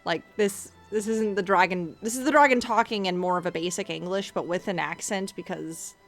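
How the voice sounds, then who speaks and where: A woman's voice: medium pitch, normal speed, a bit bright, soft background music. A woman streaming a game, chatting casually in a playful, self-deprecating way. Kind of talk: casual gaming commentary.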